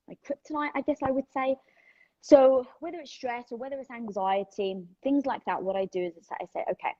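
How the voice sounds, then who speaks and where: A woman's voice: medium pitch, dull audio. A woman with a British accent hosting a casual livestream from home, chatting energetically and candidly as she answers viewer questions. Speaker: host of a livestream. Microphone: phone livestream.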